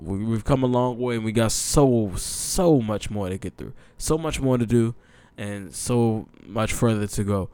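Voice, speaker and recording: Excitable young man hosting a podcast. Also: fairly low pitch, clear, resonant tone. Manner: excitable, loose and chatty, many fillers and restarts. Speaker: podcast host. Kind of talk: casual football podcast talk.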